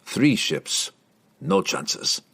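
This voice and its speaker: A man's voice: mid-range voice, expressive, drawn-out words, gravelly, a bit bright, breathy edge, voice pushed up, exaggerated voice. A man reading the part of a scheming guildmaster who speaks slyly and coldly, with clipped, menacing lines. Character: scheming male guildmaster, cold and possessive.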